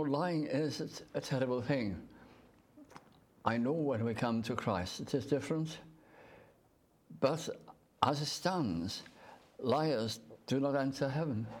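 A man preaching a sermon in short, measured phrases, reading out scripture to a gathered congregation. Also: mid-range voice, darkish tone. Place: church gathering in the evening.

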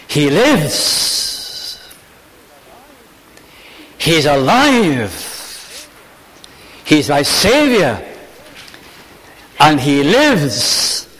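A man's voice: mid-range voice, fairly bright tone. A man preaching a sermon, reading scripture in old-fashioned wording and asking the listeners questions. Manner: reads scripture in King James wording, then speaks plainly to the listeners; asks the listeners questions often. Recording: long hall reverb.

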